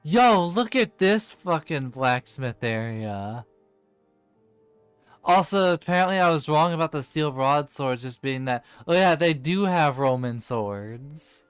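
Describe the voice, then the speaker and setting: A man's voice: on the high side, animated, slow, clear, resonant tone, no echo, faint music behind. A man in casual gaming chat, rambling and laughing, with many fillers as he plays. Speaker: game streamer.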